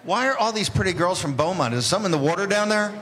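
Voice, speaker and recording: A man's voice: high-pitched, animated, rapid-fire. A man hosting live interviews on a convention floor, hyping the crowd. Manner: boisterous, hypes the crowd. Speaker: host. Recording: loud crowd and noise.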